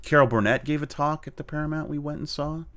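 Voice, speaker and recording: A man, a cartoonist being interviewed, telling anecdotes in a relaxed, animated way, with frequent fillers and restarts. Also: fairly high pitch, quick pace. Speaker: guest, cartoonist and tabletop game player. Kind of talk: casual storytelling interview.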